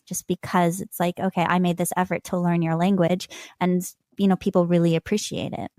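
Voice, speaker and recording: A woman in her thirties telling stories in an interview, animated and laughing often as she acts out what people said. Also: on the low side, a little fast, no echo, clean studio sound. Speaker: podcast guest, language learner. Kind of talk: conversational interview storytelling.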